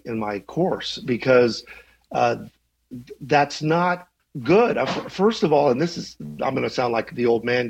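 A man in his fifties who teaches journalism, answering interview questions in a thoughtful, conversational way, often restarting and chuckling. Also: medium pitch. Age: 50s.

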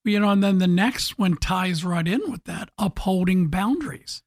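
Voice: medium pitch, moderate pace, dry recording, clean studio sound. A radio talk show host leading a casual, chatty conversation and laughing easily. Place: radio studio.

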